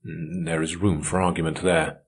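A man's voice: low voice, steady tone, normal speed, husky. A man reading an audiobook, voicing a cool and self-assured young upper-class man with an unruffled manner.

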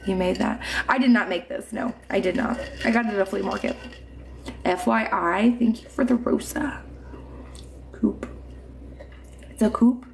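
A woman's voice: mid-range voice, unhurried, vocal fry, pauses often, slight background noise. Tipsy, giggly woman livestreaming from home. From Indiana, USA. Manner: chatty, giggly, swears freely, tipsy. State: a little drunk. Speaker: livestream host. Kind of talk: casual live-stream chat reading comments. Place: home room with mounted trophies.

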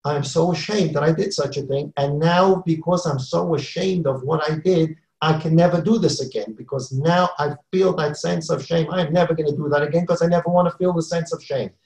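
A man's voice: a little high, darkish tone, reverberant, low-quality recording. A man teaching a Torah class as a rabbi, earnest and repeating key phrases for emphasis, weaving in Hebrew and Yiddish terms. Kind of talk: Torah lecture.

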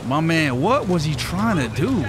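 Dude doing lets play commentary, high animated voice, slangy and joking, game sounds going behind him. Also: male voice, normal speed. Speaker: gaming streamer. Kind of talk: casual let's play commentary.

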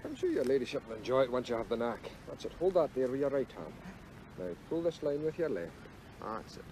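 A patient, deferential Scottish gillie, played by an actor in a 1970s television drama. He speaks softly and politely in a mid-pitched voice with a Scottish accent. Clear hiss runs under the old film soundtrack. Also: very animated, fairly quick, lightly acted. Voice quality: soft-spoken, polite and deferential.

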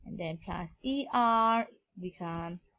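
A woman's voice: lowish voice, takes it slowly, fairly bright tone, highs cut off. A woman with a Malaysian English accent teaching a grammar lesson, spelling words out letter by letter.

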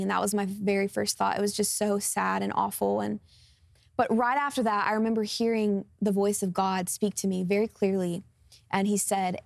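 A woman's voice: mid-range voice, level tone, normal speed, vocal fry, no room sound, studio quality. A woman of about twenty, a guest singer sharing her personal testimony in an interview, speaking earnestly and openly with many fillers. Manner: earnest and open, with frequent fillers like "um" and "like".

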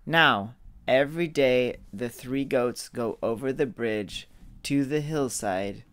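A man reads a children's fairy tale aloud at a very slow, measured pace. His voice sits in an ordinary middle pitch, and the recording is dry and close. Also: a bit bright, dry recording. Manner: slow, deliberate reading aloud. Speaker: storyteller. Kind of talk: children's story reading.

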